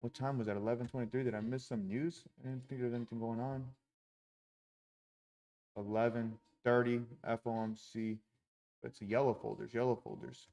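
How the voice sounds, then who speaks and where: A man's voice: medium pitch, little pitch movement, moderate pace, vocal fry, warm tone. A man live-streaming his day trading, talking through his trades with heavy swearing and frustrated outbursts.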